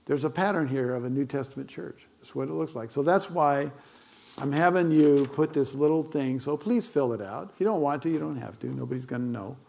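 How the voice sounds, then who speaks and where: A man's voice: medium pitch, creaky, a little mellow. An older man with grandchildren, a pastor giving a conversational sermon full of fillers and asides.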